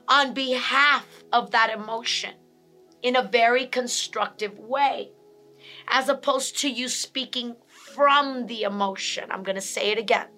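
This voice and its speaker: A woman with a high, bright voice gives a teaching talk on emotions. She repeats her key points and briefly acts out angry and sad examples. Faint music plays behind her. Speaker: speaker on emotional health.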